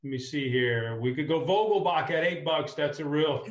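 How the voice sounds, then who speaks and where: A man hosting a casual fantasy sports chat, upbeat and talking his picks through out loud. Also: a little high, normal speed, roomy sound, highs cut off. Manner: upbeat, talks through a lineup aloud. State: clearing a tickle in his throat. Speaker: fantasy sports show host.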